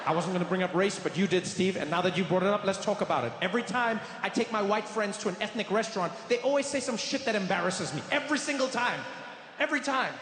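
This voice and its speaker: A man from South Africa telling a stand-up comedy story, animated and breaking into shouted punchlines. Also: high-pitched, fast talker. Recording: echoey theatre hall with ambient noise.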